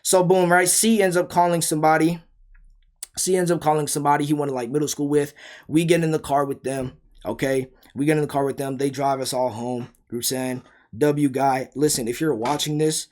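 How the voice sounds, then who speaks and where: A man's voice: mid-range voice, fairly even intonation, brisk, a little mellow. A young man telling a story in a casual rant, heated and emphatic, full of rhetorical questions. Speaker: storyteller vlogger.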